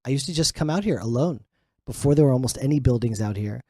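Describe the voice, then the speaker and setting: Mellow-voiced man reflecting earnestly. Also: mid-range voice, expressive, fast, husky, no room sound. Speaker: co-host. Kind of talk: casual chat. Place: outdoors on a farm in the mountains.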